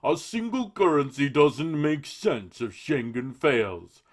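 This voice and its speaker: A man voicing a silly, high-pitched, pompous male European politician in a mocking, overblown way. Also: very animated, slow pace, heavily acted. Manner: squeaky, overblown, mocking delivery.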